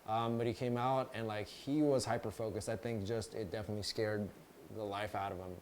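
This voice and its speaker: A man's voice: fairly low pitch, fairly even intonation, fairly quick, darkish tone, slight background noise. A young man co-hosting a podcast, chatting casually in bursts with many fillers. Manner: laid-back, talks in bursts with many fillers. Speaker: podcast co-host. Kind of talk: casual chat.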